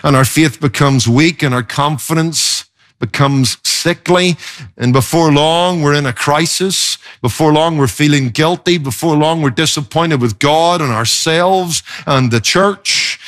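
A male pastor preaching a sermon in an expressive, emphatic way, often swinging his pitch for effect. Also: unhurried.

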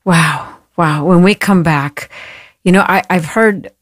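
A woman's voice: fairly low pitch, measured pace, no room sound. Woman faith radio host, reassuring scripture-laden delivery, dry studio sound. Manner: warm encouraging, preacherly reassurance. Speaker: radio talk show host. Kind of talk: faith radio talk show hosting.

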